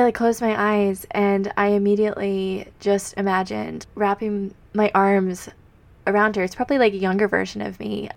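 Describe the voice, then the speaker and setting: A woman hosting a podcast, speaking softly and vulnerably in a heartfelt personal faith reflection, partly reading aloud from her journal. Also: mid-range voice, creaky. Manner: soft and vulnerable, confessional. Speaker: podcast host.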